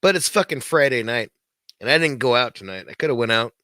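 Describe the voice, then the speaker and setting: Bright-voiced man ranting, profane and rambling. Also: medium pitch, expressive, fast talker, no echo, clean studio sound. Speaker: podcast host. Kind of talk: casual late-night rant.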